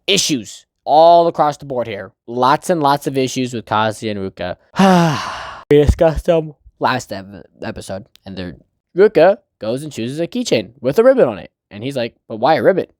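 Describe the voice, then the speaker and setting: A man casually recapping and reviewing a manga chapter, animated with mocking asides. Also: medium pitch, normal speed, no echo, clean studio sound.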